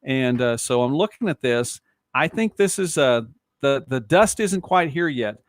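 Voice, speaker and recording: A man with a softened Southern US accent, hosting a casual live-stream talk show from a home studio and chatting loosely with viewers. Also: medium pitch, lively intonation, measured pace, no room sound. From born in Texas. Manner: chatty, rambling, reacts to viewer comments. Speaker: host.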